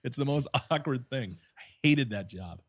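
A man's voice: medium pitch, expressive, moderate pace, no room sound, clean studio sound. A man telling profane stories in a casual chat, laughing as he goes. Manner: profane storytelling, laughs mid-sentence.

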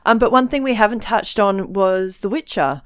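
A woman co-hosting a podcast in a relaxed, chatty way, with frequent ums. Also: mid-range voice, normal speed, no room sound, studio quality. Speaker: podcast co-host. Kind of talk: casual chat.

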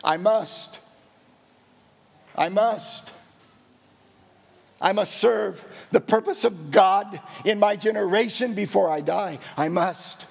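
A man's voice: sits high, slow pace, vocal fry, pauses often, long reverb tail. A man preaching a sermon as pastor, with an emphatic, repetitive cadence.

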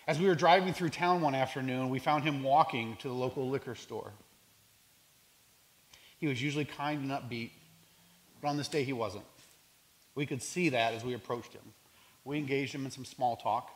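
A man's voice: mid-range voice, normal speed, long pauses. Earnest man telling outreach stories. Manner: earnest, reflective, some restarts. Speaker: homeless outreach worker. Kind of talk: storytelling talk.

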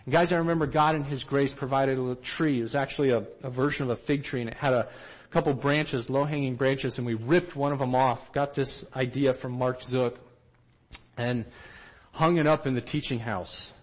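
A man giving a storytelling talk to trainees, animated, and he acts out the quotes himself. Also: mid-range voice, moderate pace, low-quality recording. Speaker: missionary trainer.

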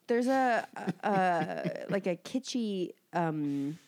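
A woman with a cold speaks in a slightly low, nasal voice. As a podcast guest she chats wryly and tells stories. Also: lively intonation, slow pace, a little mellow. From Gainesville, Florida. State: has a cold. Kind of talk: casual podcast chat.

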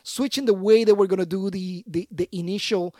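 A man, a podcast guest and army veteran, telling stories in a casual, slangy, animated way in a studio. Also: high voice, brisk, no echo. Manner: animated, slangy, acts out other voices. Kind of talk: casual storytelling.

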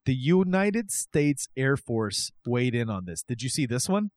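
An animated man co-hosting a casual podcast. His pitch sits in the middle of the male range. He reads out news items with lively asides, and the recording is dry and close. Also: measured pace, no echo. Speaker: podcast co-host.

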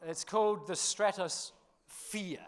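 A man preaching, telling a funny personal story with laughter before turning to a quieter sermon. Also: high voice, slow pace. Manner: animated storyteller, laughs through the tale, drops quiet for scripture. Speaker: pastor.

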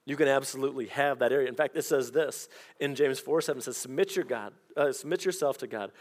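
Animated storytelling pastor, a man. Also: medium pitch, fast talker. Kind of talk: sermon.

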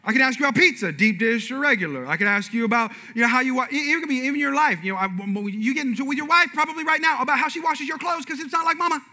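A man preaching a sermon as pastor, telling animated stories and calling on the congregation to shout out. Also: very high voice. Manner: animated storytelling, asks audience to shout out; shifts from loud excited to quiet slow and intimate.

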